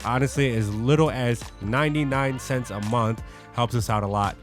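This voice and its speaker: A man's voice: medium pitch, moderate pace, soft background music. A man co-hosting a faith podcast, talking loosely and casually with lots of "like" fillers. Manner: loose and conversational, many "like" fillers. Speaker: podcast co-host. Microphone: studio podcast mic.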